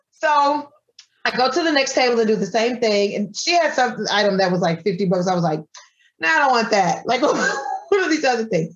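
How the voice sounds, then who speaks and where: A woman guest tells her story in an animated, chatty way, slipping into the voices of the people she quotes. Her voice sits a little high. The sound is muffled and lo-fi. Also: fairly quick. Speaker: guest, granola business owner. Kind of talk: casual storytelling in an interview.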